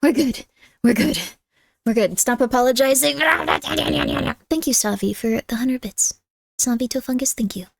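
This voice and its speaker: A woman with a high, light voice chats with her stream viewers and reads their messages aloud. Now and then she goes soft and cooing with her cat. The sound is dry and close, with no room behind it. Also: measured pace, vocal fry, dry recording. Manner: chatty, reads chat aloud, coos softly to her cat. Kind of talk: casual live-stream chat. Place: home room.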